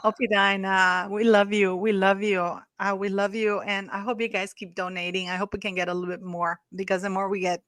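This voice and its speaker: A woman hosts a casual livestream in a chatty, rambling way, often restarting her sentences. She thanks viewers over and over with effusive warmth. Her voice sits at an ordinary middle pitch, and the recording is close and dry. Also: level tone, a little fast, hardly any pauses, dry recording. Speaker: livestream host.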